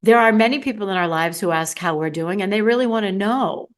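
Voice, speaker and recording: A woman's voice: mid-range voice, brisk. A middle-aged woman, a confidence coach, talking candidly and playfully to her listeners in a solo podcast.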